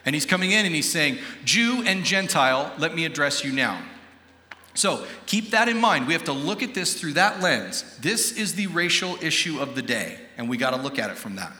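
High-voiced, bright American preacher in a hall. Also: male voice, brisk, few pauses. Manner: animated preaching, acting out quoted voices, asking the congregation. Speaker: pastor. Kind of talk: sermon. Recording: echoey hall with long reverb.

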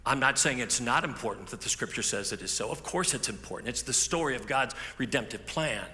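Bright-voiced pastor preaching in an echoey hall. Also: male voice, medium pitch, animated, brisk. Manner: conversational storytelling with repeated restarts. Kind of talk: sermon. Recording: echoey hall with faint ambience.

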